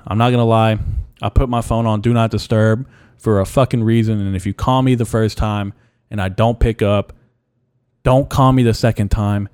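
The voice belongs to a young man hosting a solo podcast, and it's on the low side, darkish and smooth. He rants casually, bluntly and profanely, with frequent repeats, in a clean, echo-free studio recording.

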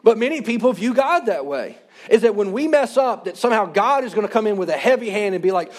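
A man's voice: sits high, very animated, a little fast. A man in his thirties, a pastor, preaching a sermon in an earnest, conversational way.

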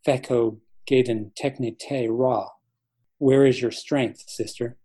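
Fierce young cavewoman warrior, read by a man, hushed and grave, mellow low tone. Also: fairly even intonation, takes it slowly, slightly rough. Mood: quiet, grave. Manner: quiet, hushed and solemn.

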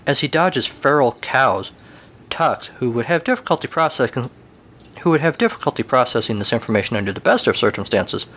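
A man's voice: mid-range voice, brisk. Wry male storyteller. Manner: wry, deadpan. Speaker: narrator. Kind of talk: storytelling narration.

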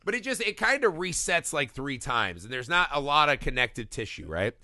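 A man co-hosting a casual podcast, reviewing a horror film with excited, profane enthusiasm and little acted-out bits. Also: fairly high pitch, no echo, clean studio sound. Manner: excited, profane, acts out scenes in quick bursts. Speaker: podcast co-host.

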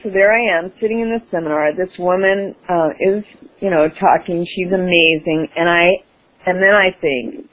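A woman author, a guest in an interview, telling a personal story with lively enthusiasm and acting out her past self. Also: lowish voice, moderate pace. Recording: phone-line sound.

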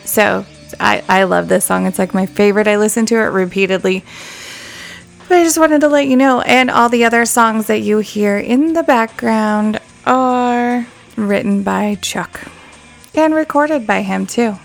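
A woman's voice: mid-range voice, a little slow, vocal fry. A woman hosting a podcast in casual chat, profane and emotional, laughing often. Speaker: podcast host. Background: faint background music.

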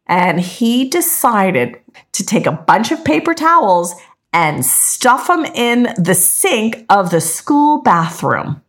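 A woman's voice: medium pitch, sing-song, takes it slowly. A middle-aged woman co-hosting a podcast, talking bluntly and emphatically in casual chat, with frequent swearing. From Italian-American. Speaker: podcast co-host.

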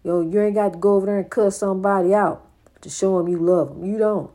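A woman's voice: medium pitch, steady tone, fast talker, warm tone. An older woman giving an informal, preaching monologue, repeating her points with emphasis in a folksy way. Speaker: spiritual speaker.

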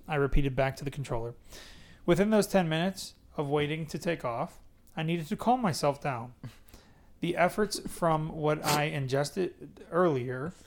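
Man casually reading a book aloud. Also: fairly high pitch. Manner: reads plainly, breaks off to joke. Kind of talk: casual read-aloud with banter.

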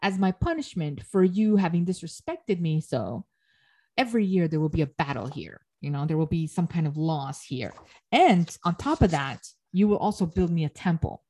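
A woman's voice: lowish voice, sing-song, moderate pace, dark tone, breathy edge. Demeter, a woman voicing a stern, angry goddess. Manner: stern, scolding, solemn proclamation. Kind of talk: dramatic reading within a lecture.

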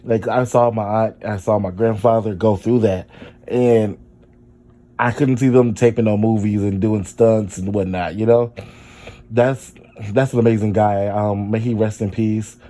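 A man's voice: lowish voice, fairly even intonation, a little slow, mellow. A young man hosting a casual solo podcast, chatty and rambling, with lots of fillers as he talks through his feelings. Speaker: podcast host.

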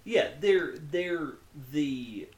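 A man's voice: on the high side, animated, drawn-out words. Wry man chiming in with jokes. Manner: wry interjections, laughs often. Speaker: podcast co-host. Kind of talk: casual chat.

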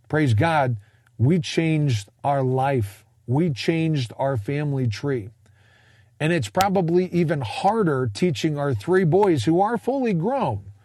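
A man's voice: fairly high pitch, darkish tone, dry recording. A man in his forties giving a casual monologue, rambling with jokey, self-deprecating asides. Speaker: speaker sharing a personal finance story.

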